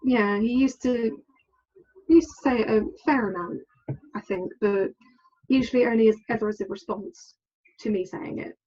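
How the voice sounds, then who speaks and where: A woman's voice: on the high side, moderate pace, darkish tone, dull audio. A woman, a podcast guest telling her personal story candidly and with hesitations. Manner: candid, hesitant, acts out quoted lines.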